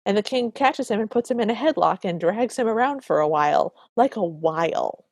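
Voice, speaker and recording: A woman co-hosting a podcast, recapping a film in animated, opinionated casual chat. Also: mid-range voice, fairly quick, no echo. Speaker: podcast co-host.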